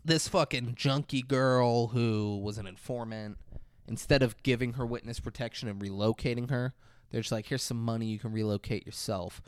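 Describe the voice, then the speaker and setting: A man's voice: medium pitch, normal speed, smooth, no room sound, clean studio sound. Man animatedly recapping a movie. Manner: animated storytelling, acting out characters, profane. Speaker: podcast co-host. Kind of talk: casual movie recap chat.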